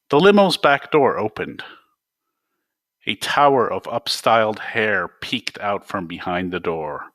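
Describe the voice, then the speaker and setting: A man reads his own novel aloud in a wry, deadpan first-person voice. His delivery is slow and lively in pitch, with a bright, crisp tone. The recording is close and dry. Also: no room sound.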